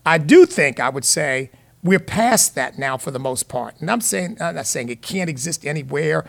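A man's voice: a little high, gravelly, fairly bright tone. A middle-aged man hosting a call-in radio talk show, speaking in an emphatic, preacherly, folksy way. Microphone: studio microphone.

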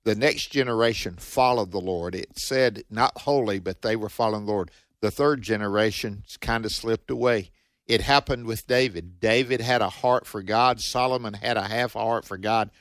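A man with a Southern accent, a preacher co-hosting a radio ministry show, talking in a steady, sermon-like way. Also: lowish voice, normal speed, no room sound.

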